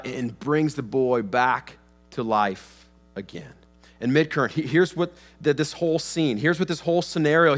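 Fairly high and fairly bright, the man's voice carries a church sermon. As pastor, he speaks casually, frequently starting over and performing the quotes he cites.

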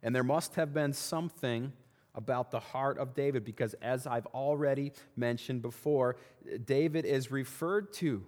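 A man's voice: medium pitch, normal speed, a little mellow. A man giving a sermon as pastor, asking rhetorical questions and often repeating his words. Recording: long reverb of a large hall.

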